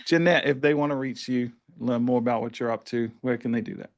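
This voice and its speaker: Male podcast host, relaxed conversational delivery, mid-range voice. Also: mid-range voice, a little fast, crowd noise. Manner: relaxed, chatty, with repeated restarts.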